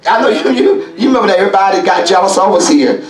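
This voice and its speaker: Preaching very fast in a high voice, the bishop throws questions at his Bible study congregation and repeats himself. It's recorded from afar in an echoey church sanctuary, crowd noise and congregational murmuring all around.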